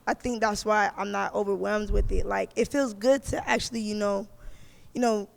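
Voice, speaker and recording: Hoarse, gravelly-voiced man in a roomy space. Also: sits high, steady tone, normal speed. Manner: laid-back, profane, upbeat. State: hoarse, voice cracking. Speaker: guest musician. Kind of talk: casual podcast chat.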